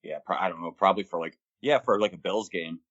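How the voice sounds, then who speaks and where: A man with a fairly low voice joins a casual podcast chat. He talks quickly but stops and restarts while he looks for the right words. The recording sounds dull and lo-fi. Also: fairly bright tone, slightly rough, no echo. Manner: halting, searches for words.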